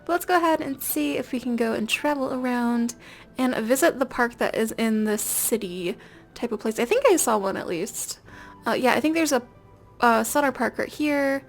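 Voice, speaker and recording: A woman's voice: fairly high pitch, normal speed, faint music behind. A young woman giving casual, rambling commentary over a life-sim game, chatty and giggly with lots of fillers. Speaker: gameplay video host. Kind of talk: casual let's-play commentary.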